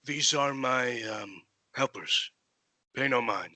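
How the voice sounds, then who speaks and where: Slow-talking bright-voiced man player. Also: mid-range voice, dry recording, low-quality recording. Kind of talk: playing a tabletop game.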